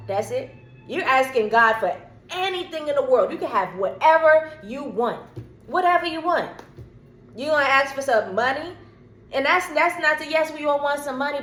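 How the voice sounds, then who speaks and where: A woman giving a casual tarot reading to her viewers, blunt and streetwise, cursing freely. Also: on the high side. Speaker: tarot reader. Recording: echoey room with faint background noise.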